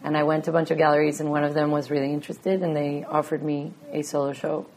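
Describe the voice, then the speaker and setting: A woman from Venezuela, a guest artist, telling her story in an animated, casual interview chat. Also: deep voice, fast, slight background noise. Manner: animated storyteller, laughs easily.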